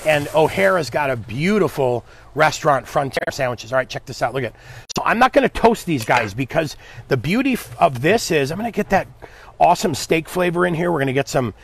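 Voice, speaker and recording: Upbeat male chef host, slightly high, gravelly voice, casual live-stream chatter, faint noise behind. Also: expressive, a little fast. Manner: upbeat, chatty, talks to viewers and helper. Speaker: chef hosting a live cooking demo.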